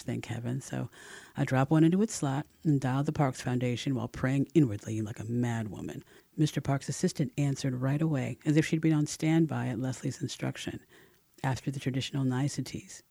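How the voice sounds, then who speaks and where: A man narrating a first-person memoir in an expressive audiobook reading, close to the mic. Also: medium pitch, gravelly, no room sound.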